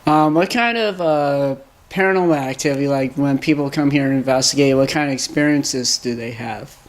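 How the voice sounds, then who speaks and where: A man's voice: medium pitch, moderate pace. A man asking casual interview questions, hesitant and full of fillers.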